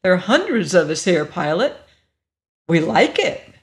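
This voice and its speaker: A happy-go-lucky shape-shifting alien living as a dog, stubborn and easygoing, as the narrator puts him on. He speaks up a little higher and drawls slowly, in no hurry. It is a storybook reading. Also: sing-song. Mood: persuasive.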